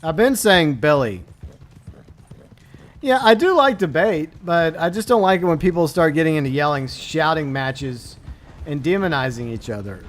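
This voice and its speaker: Man, high voice, live game stream commentary, joking, mock-sentimental, sudden outraged outbursts. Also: animated, normal speed.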